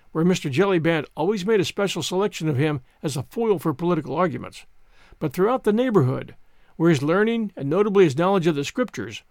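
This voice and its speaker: Expressive male audiobook narrator. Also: a little high, no room sound, studio quality. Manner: expressive, storytelling delivery. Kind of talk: scripted narration of a classic novel.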